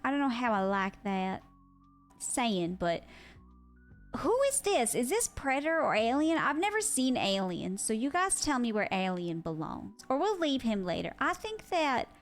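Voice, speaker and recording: A young woman streaming live and chatting casually, excitable and quick to swear. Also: on the high side. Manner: excitable, swears freely, loud outbursts. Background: faint music.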